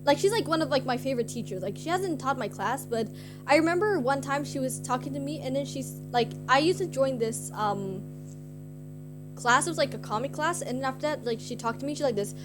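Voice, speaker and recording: Over guitar music, a young female streamer casually spins a story for her chat in a high-pitched, expressive voice that runs a little fast. Her telling is rambling and giggly, self-conscious, and packed with "like."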